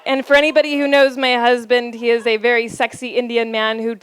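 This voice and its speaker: A woman's voice: a little high, level tone, clear, resonant tone, a faint crowd. Playful, laughing woman giving a talk. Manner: playful, laughs often, builds up lines with pauses. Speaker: speaker giving a talk on relationships. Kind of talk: storytelling talk to a live audience.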